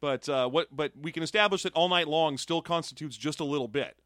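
Brief: quick, wry male co-host, slightly high voice, dry close mic. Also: a bit bright, no room sound. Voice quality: calls his voice a soothing baritone. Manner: quick, wry, playful delivery. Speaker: podcast co-host. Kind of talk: casual chat, reading listener questions.

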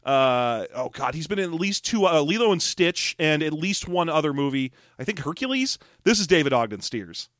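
Male podcast co-host, loose rambling storyteller with frequent laughs; slightly high voice, dry close mic. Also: sing-song, normal speed, hardly any pauses, a bit bright, dry recording. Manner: swearing, rambling, laughs while telling. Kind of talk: casual chat.

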